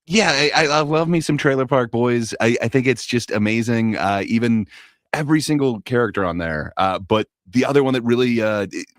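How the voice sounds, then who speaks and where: Brief: male panel host, mid-range voice, halting and full of fillers, dry close sound. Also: medium pitch, no echo. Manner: hesitant, many fillers and restarts; enthusiastic, swears casually. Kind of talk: casual panel debate.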